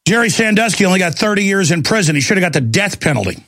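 A man's voice: high voice, very animated, fast talker, a bit bright, dry recording. A man hosting a call-in talk show, delivering an angry, intense ranting monologue. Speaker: talk show host taking calls.

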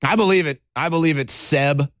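A man hosting a talk radio show, mocking and sarcastic with dramatic pauses. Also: a little high, a bit bright, no echo, studio quality. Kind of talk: talk radio monologue and call-in.

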